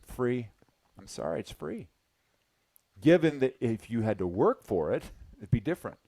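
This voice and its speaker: Animated man pitching a funding webinar. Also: normal speed, no echo. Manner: animated, exclaiming, addresses audience as y'all. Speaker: webinar presenter.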